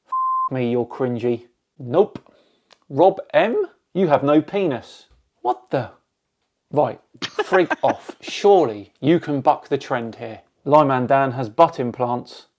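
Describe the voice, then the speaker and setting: A man's voice: medium pitch, lively intonation, slow pace. A man from England hosting a channel, reading hostile viewer comments aloud with dry, sarcastic replies.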